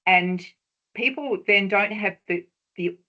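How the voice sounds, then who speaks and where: A woman presenting a webinar lecture on research talks, measured and explanatory, stressing key words for emphasis. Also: mid-range voice, lo-fi sound.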